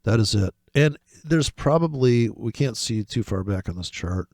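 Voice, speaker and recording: A man giving casual, rambling commentary over trading charts, swearing often and breaking into excited, mocking asides. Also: mid-range voice, moderate pace, dry recording. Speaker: forex trading vlogger.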